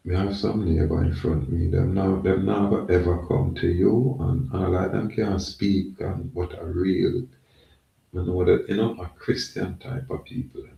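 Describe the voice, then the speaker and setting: Gravelly, low man, rambling. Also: lo-fi sound. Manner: rambling, emphatic, repeats himself. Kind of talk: casual monologue. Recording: echoey, from far off the mic.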